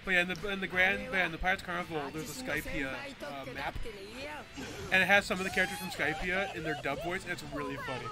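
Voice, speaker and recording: A young man casually commentating a video game with a friend, animated, laughing and swearing, now and then mimicking silly voices. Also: high-pitched, fast talker. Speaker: gameplay commentator. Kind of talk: casual chat over gameplay. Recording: game music behind. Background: game music.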